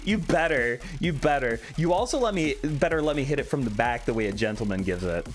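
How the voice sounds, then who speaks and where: A man's voice: medium pitch, expressive, fairly quick, hardly any pauses. A young man casually chatting on a live stream, reading chat aloud with a joking, candid manner. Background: faint background music.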